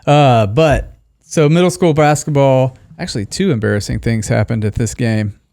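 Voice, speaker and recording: A man's voice: medium pitch, moderate pace, a little mellow, no room sound. Man host, casual storyteller, laughs a lot, dry close mic. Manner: laughs often while telling a story. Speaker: podcast host. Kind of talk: casual chat.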